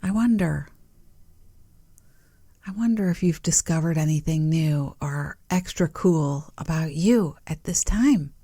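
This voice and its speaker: Slow, mellow-voiced woman podcast host. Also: deep voice, dry recording, studio quality. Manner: soft, warm-hearted, musing, with playful asides and small laughs. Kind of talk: gentle reflective talk to listeners.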